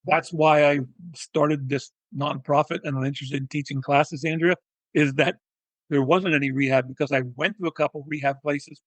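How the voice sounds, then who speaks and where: A man, a physical therapist and educator, telling his story in a technical, animated way as an interview guest. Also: on the high side, normal speed, dry recording, rough recording. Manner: technical, animated, acts out quoted dialogue. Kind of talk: conversational storytelling.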